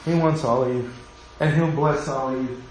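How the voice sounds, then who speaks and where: A man preaching a sermon as pastor and leading a prayer, earnest and pleading, often dropping to a quiet hush. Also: mid-range voice, steady tone, moderate pace, a little hiss or hum. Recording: very echoey room with faint ambience.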